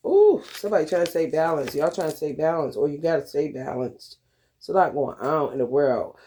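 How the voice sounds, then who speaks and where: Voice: mid-range voice, lively intonation, brisk, warm tone, a little hiss or hum. A vlogger talking in a loose, profane monologue, laughing often and calling listeners honey and baby. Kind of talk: casual monologue.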